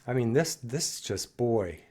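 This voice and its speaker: A man hosting a music reaction video, talking casually and reflectively, full of admiration, with sentences that trail off into soft pauses. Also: mid-range voice, expressive, breathy edge.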